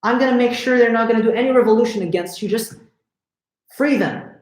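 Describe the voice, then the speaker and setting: A man's voice: very high voice, fast talker, roomy sound, pitched above the performer's own voice. A man voicing a righteous male prophet who pleads earnestly and firmly with a tyrant, in a retold story. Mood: pleading. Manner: earnest, firm, repetitive pleading.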